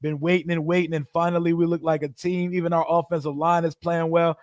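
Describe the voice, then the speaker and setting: A man's voice: fairly high pitch, level tone, brisk, no echo, clean studio sound. A man in his forties hosting a post-game fan livestream, hyped up and trash-talking brashly. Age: 40s. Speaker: livestream host.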